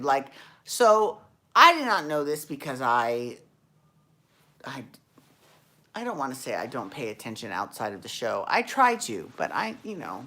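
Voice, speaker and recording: Her voice is low, pushed, and bright as she hosts a chatty, rambling recap of dance shows for a podcast. It's casual talk, full of restarts and sprinkled with a swear here and there.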